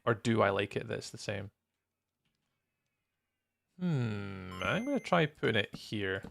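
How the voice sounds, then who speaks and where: A Scottish man in his young adult years talks loosely to his live-stream chat, greeting viewers by name and laughing often. His voice has a gravelly, creaky edge, and his pitch swings widely, lively up and down. He sounds close to the mic. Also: measured pace, soft background music. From Scotland.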